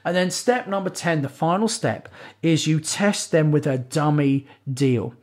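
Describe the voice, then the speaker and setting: Male coach, slightly high voice, pitches steps with upbeat persuasive energy. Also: a little slow. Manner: upbeat, persuasive, stepwise instruction. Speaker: property investment coach. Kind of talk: instructional coaching talk.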